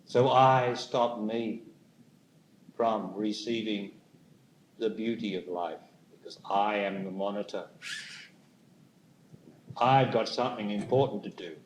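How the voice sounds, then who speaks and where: A man giving a spiritual talk to a live audience, speaking slowly and deliberately and putting questions to the listeners. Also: lowish voice. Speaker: spiritual teacher. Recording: echoey room with faint noise.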